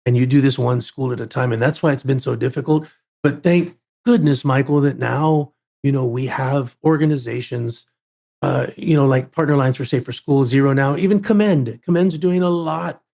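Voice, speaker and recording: A man's voice: mid-range voice, moderate pace, creaky, warm tone. A man who is a guest on a podcast interview, telling a story in an emphatic way and often repeating words as he builds up a point.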